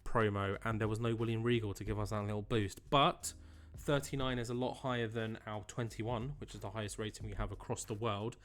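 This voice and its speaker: A man's voice: fairly low pitch, a bit bright. A young man casually commentating his own game playthrough in a chatty, upbeat way with joking asides. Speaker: gaming channel host. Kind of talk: casual let's-play commentary.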